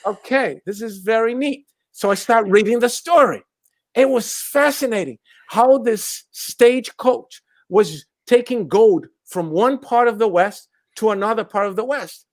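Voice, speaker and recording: A man from Brazil with a Brazilian accent, telling a story as a guest in a lively, laughing way on a video call. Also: high-pitched, no room sound. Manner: lively, laughs often, repeats words. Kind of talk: animated storytelling in a chat.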